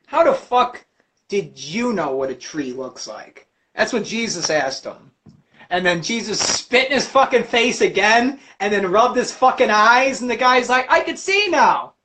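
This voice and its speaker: A man hosting a livestream, ranting about religion with constant cursing and animated storytelling. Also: high voice, unhurried. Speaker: livestream host. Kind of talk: profane religious rant.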